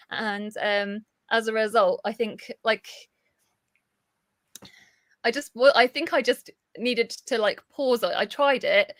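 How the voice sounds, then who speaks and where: A woman's voice: on the high side, dry recording, studio quality. A woman co-hosting a live book chat, talking casually with frequent laughs and restarts. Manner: chatty and giggly, full of restarts. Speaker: co-host of a book livestream.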